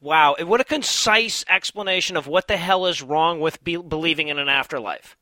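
Guy with a bright kinda high voice, asking wry questions, dry mic. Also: brisk, no echo, low-quality recording. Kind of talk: casual podcast chat.

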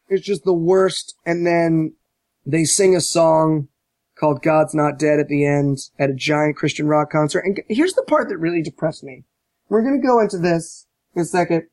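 A high-pitched man speaks at a moderate pace with no room sound, sarcastically and profanely slamming a movie during an informal podcast conversation. He acts out its quotes in shouted, mocking voices.

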